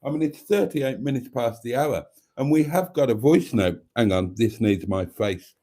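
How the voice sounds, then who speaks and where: A man's voice: medium pitch, expressive, moderate pace, dark tone. Chatty, teasing man hosting a live stream. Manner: chatty, camp and teasing, laughs often. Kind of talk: casual live chat, reading out viewer comments.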